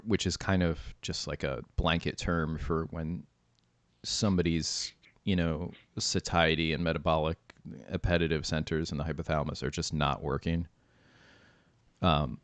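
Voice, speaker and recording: A man's voice: a bass voice, no echo. A man hosting a podcast in casual chat, rambling with many fillers and laughing easily. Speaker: podcast host.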